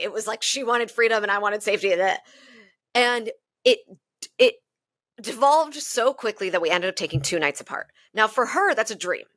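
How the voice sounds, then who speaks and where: A woman's voice: a little high, dry recording. A woman guest on a relationship podcast, telling personal stories openly and with animation. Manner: open, animated storytelling with self-deprecating laughs. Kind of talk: candid podcast conversation.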